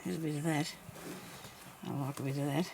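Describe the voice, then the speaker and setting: A woman's voice: sits low, steady tone, a little fast, gravelly, a little mellow, slight background noise. A woman vlogging as she crafts, chatting casually and thinking aloud, laughing often at herself.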